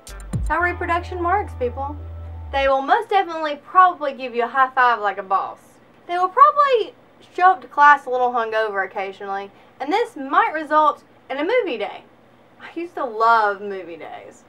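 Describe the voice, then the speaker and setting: A young woman in her twenties from Alabama with a Southern US accent, giving a sarcastic, animated comedic vlog monologue. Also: high-pitched, normal speed. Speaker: vlogger.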